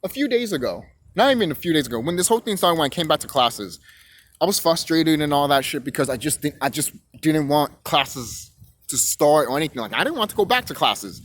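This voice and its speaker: A man's voice: a little high, big pitch swings, fairly quick, a bit bright, a little hiss or hum. A young man ranting to camera, rambling, repeating himself and cursing freely. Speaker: vlogger. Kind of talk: profane rant to camera.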